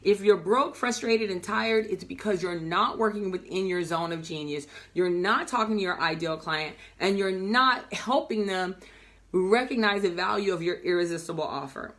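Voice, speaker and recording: A woman business coach giving an animated, emphatic motivational talk, acting out the people she quotes. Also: mid-range voice, moderate pace.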